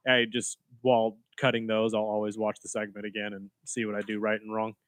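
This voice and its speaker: A man chatting casually in a radio studio in a relaxed, offhand way. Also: lowish voice, fairly quick, dry recording. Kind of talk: casual chat.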